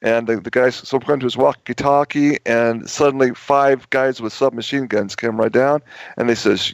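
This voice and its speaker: Male radio guest, storytelling, halting and repetitive; dry, muffled lo-fi audio. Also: mid-range voice, fairly even intonation, no room sound. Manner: rambling, many restarts and repetitions. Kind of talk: radio talk show storytelling.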